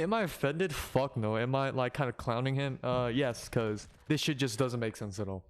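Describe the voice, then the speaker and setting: A young man from Korea doing reaction commentary, talking loudly and bluntly with plenty of swearing and laughter. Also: medium pitch, moderate pace, hardly any pauses, clean tone. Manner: loud, blunt and profane, with frequent laughs. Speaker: commentary YouTuber.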